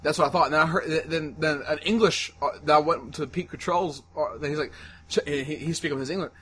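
A man co-hosting a podcast in casual chat, an animated storyteller who laughs often. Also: on the high side, fairly quick, husky. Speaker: podcast co-host.

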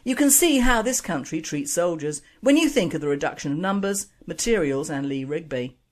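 A woman's voice: sits low, expressive, moderate pace. A woman hosting an online radio show, reading opinionated scripted commentary and jokes. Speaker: radio host.

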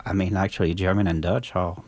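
A man's voice: low voice, little pitch movement, fast, a little mellow. A man hosting a community radio show, asking questions in a hesitant, easygoing way. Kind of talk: casual radio interview.

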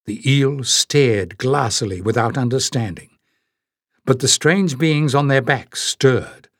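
A man's voice: mid-range voice, slow pace, a bit bright, no echo, studio quality. A man reading a fantasy audiobook in a dramatic storytelling manner. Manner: dramatic, lifting his voice for the characters. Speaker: audiobook narrator. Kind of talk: scripted audiobook narration.

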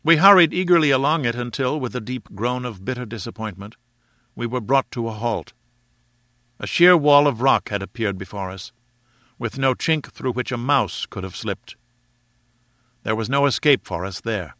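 A man narrating an adventure novel in a measured storytelling manner. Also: mid-range voice, pushed and bright, dry recording, studio quality. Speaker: audiobook reader. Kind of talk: scripted narration.

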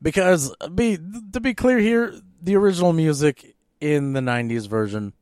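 A man co-hosting a movie podcast, ranting in an animated, exasperated way with lots of fillers. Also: fairly high pitch, moderate pace, dry recording, clean studio sound. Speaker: podcast co-host. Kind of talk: casual movie-rant chat.

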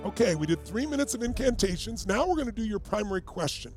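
A man's voice: high voice, lively intonation, fast talker, music in the background. A man as a motivational coach, leading a live group exercise with urgent, commanding, repeated cues.

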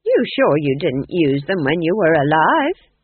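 A man voicing a sly, blunt old woman witch in a slow, drawn-out, teasing way. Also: high voice, huge pitch swings, creaky, husky, dry recording, full character voice. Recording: narrow phone-like sound.

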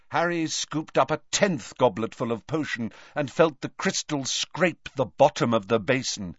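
A slow, unhurried audiobook narrator whose pitch moves freely as the tension builds. The reading is measured and expressive. The sound is dry and a little dull. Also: dry recording. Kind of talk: scripted narration.

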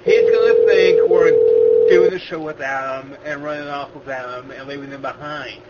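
A man's voice: a little high, normal speed, dull audio, very noisy. A man co-hosting a casual show, chiming in and laughing. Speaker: show co-host.

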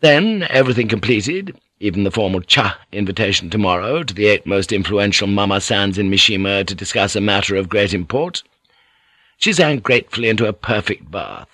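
Man reading a novel, bright clear tone, totally dry studio sound, measured. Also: lowish voice, lively intonation, dry recording. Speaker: audiobook narrator. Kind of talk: scripted audiobook narration.

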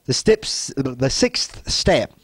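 A man giving a self-help teaching talk, speaking slowly and repetitively, gently insistent and often dropping to a soft, quiet delivery. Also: mid-range voice, very animated, husky, dry recording.

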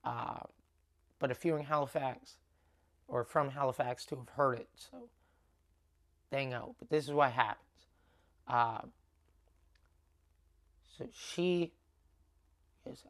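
A woman comedian talking casually on her own podcast, swearing freely and acting out what people said in quick bursts. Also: a bass voice. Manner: animated, swears, acts out dialogue in quotes. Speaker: stand-up comedian. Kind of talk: casual solo podcast storytelling.

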